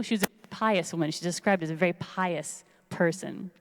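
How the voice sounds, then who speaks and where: A woman rabbi retelling a story in a casual, lively sermon in a synagogue sanctuary. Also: on the low side, normal speed, few pauses. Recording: long reverb of a large hall.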